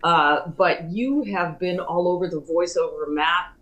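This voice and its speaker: A woman's voice: on the low side, steady tone, measured pace, fairly bright tone, muffled recording. An older woman hosting a casual interview, leading into her questions with chatty, rambling remarks. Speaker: host.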